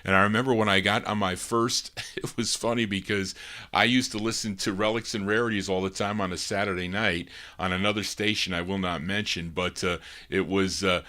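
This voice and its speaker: An older man hosting a show, chatting calmly and easily between records with a soothing, unhurried manner. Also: low-pitched. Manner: calm, soothing announcing with easygoing asides. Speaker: host and record-spinning DJ. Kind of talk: casual live show chat between records. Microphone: talking into a microphone.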